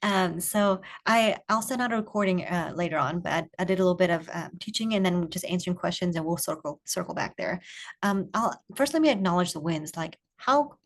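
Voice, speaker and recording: A woman leading an online parenting coaching group on a video call, asking calm, curious questions and encouraging the parents. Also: lowish voice, fairly quick.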